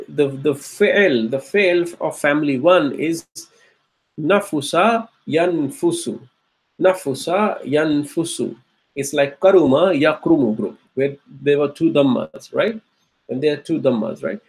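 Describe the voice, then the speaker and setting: A fairly high-pitched male teacher is heard on a rough recording of an Arabic grammar lecture. Slowly repeating each word, he keeps asking questions to make sure his students understand.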